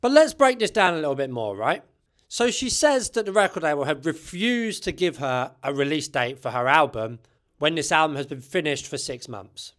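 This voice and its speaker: A man's voice: on the high side, big pitch swings, normal speed, a bit bright. A man hosting a music channel, giving chatty, opinionated commentary and often tagging sentences with "right?". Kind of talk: casual commentary to camera.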